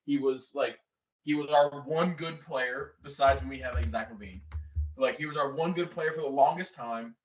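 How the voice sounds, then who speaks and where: A man's voice: mid-range voice, moderate pace, soft background music. A young man co-hosting a sports podcast, rambling casually with lots of fillers. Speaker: podcast co-host. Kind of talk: casual chat. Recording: roomy, distant from the mic.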